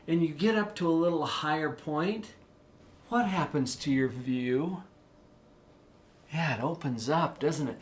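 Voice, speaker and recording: Animated man coaching teens on parents. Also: fairly high pitch. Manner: animated storytelling, acts out parents and kids. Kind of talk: motivational talk to teens.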